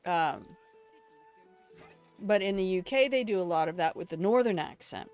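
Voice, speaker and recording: A woman's voice: fairly low pitch, lively intonation, moderate pace, darkish tone, clean tone, faint music behind. An older woman from Alabama streaming a game, chatting in a rambling, storytelling way to her viewers. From Alabama, United States. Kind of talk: casual let's-play commentary.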